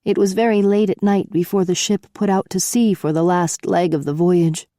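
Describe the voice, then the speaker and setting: A woman reading a novel aloud in a measured storytelling manner. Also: on the low side, fairly even intonation, warm tone, dry recording, clean studio sound. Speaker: audiobook narrator. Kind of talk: scripted narration.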